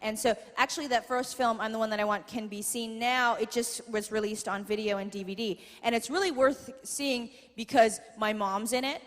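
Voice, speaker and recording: A woman's voice: a little high, fairly even intonation, normal speed, hardly any pauses, big-room sound. A woman comedian doing stand-up on a theater stage, chatty and self-mocking. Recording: live theater with audience.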